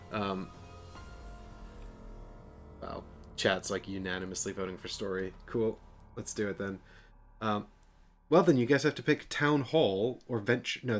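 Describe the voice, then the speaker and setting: Low-voiced man streaming a board game. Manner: chatty, self-deprecating, rambling. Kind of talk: casual live-stream chat and reading game text.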